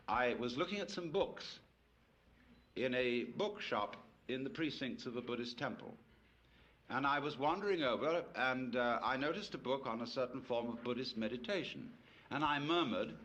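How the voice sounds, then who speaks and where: Wry, animated male lecturer. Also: mid-range voice. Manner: wry, storytelling, playful asides. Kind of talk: public lecture to an audience.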